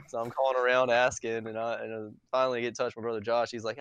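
A man's voice: medium pitch, level tone, fast, fairly bright tone, clean tone, dry recording, muffled recording. A young man telling a rambling, profanity-laced story to friends, laughing as he goes. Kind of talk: casual storytelling among friends.

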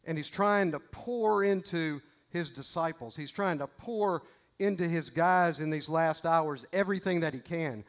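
A man's voice: fairly high pitch, unhurried. A man preaching a sermon, conversational and earnest, reading scripture aloud with casual asides to the congregation. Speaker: pastor.

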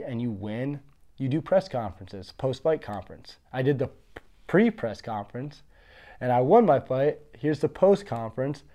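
A man's voice: mid-range voice, mellow. Blunt, boastful man in his thirties. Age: 30s. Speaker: interview guest, former fighter. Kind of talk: casual interview storytelling.

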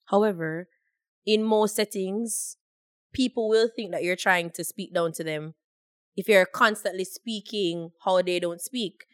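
Casting: young woman, mid-pitched, thoughtful and explanatory, dry close sound. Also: a little slow, no echo. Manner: reflective, explains points at length. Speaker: podcast co-host. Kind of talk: casual chat.

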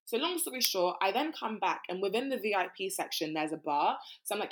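A woman, co-hosting a podcast and telling a story in casual chat, animated and full of swearing. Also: mid-range voice, quick pace, hardly any pauses. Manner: animated, swearing, mimics people. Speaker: podcast co-host.

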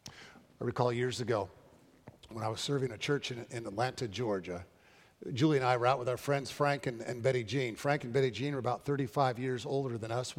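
A man pastor preaching a sermon in a measured way, often repeating words as he builds each phrase. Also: medium pitch. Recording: long reverb of a large hall.

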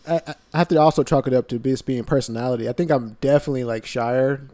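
Young dude on a podcast, mellow voice, chill and kinda shy, lots of restarts. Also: male voice, mid-range voice, fairly even intonation, fast talker. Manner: laid-back, hesitant, restarts often. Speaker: podcast co-host. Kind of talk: casual podcast chat.

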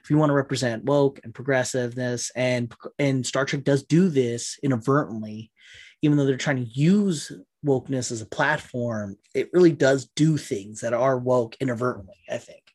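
Man, husky voice, casual rambling rant, swears a lot, animated. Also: medium pitch, normal speed. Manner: rambling, profane, animated retelling.

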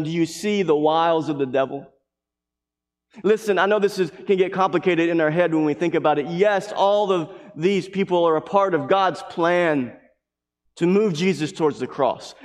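A man preaching a sermon as pastor, impassioned, swinging between loud declarations and hushed passages. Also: on the high side, moderate pace, big-room sound.

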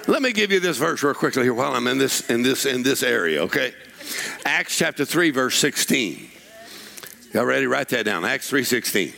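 A man preaching a sermon in a church, telling folksy stories and building up to shouted declarations. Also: medium pitch, expressive, moderate pace, vocal fry. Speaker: pastor. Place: church sanctuary.

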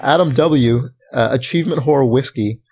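A man's voice: mid-range voice, moderate pace, darkish tone, slight background noise. A man hosting a casual podcast, reading listener submissions aloud with frequent laughter. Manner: amused, reads names aloud, laughs often.

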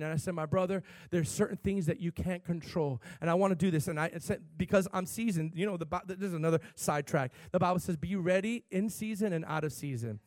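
A man, a pastor, preaching a sermon, swinging from shouted, fervent peaks to quiet, hushed storytelling. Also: sits high, moderate pace, no echo.

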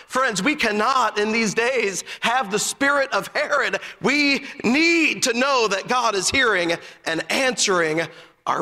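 A male preacher delivering a fervent sermon, telling stories and breaking into emphatic shouts. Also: very high voice, big-room sound.

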